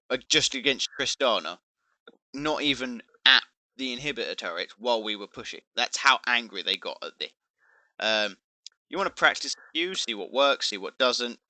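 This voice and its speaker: A man's voice: fairly low pitch, bright, forceful tone, no room sound, low-quality recording. A man explaining a game tactic in casual chat, chatty and playful, with restarts. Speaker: gaming video creator.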